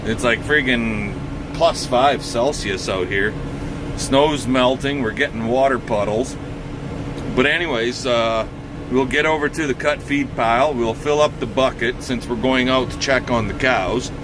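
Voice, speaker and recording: A man who hosts a farm channel, chatting casually and rambling with lots of filler words while outdoors on his farm. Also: mid-range voice. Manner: laid-back, rambling, drawn-out filler words. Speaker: farmer and channel host. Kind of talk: casual vlog chat. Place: outdoors on a farm, in and around farm machinery. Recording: noisy outdoor farm recording. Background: engine and outdoor noise.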